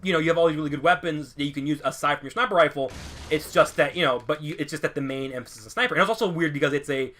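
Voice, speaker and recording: A quick-talking man with a bright, sharp edge to his fairly high voice, chatting over gameplay. He rambles through profane anecdotes and slips into voices to act them out. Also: slight background noise. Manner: animated, acts out voices in anecdotes. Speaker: let's play co-host. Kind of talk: casual gameplay commentary.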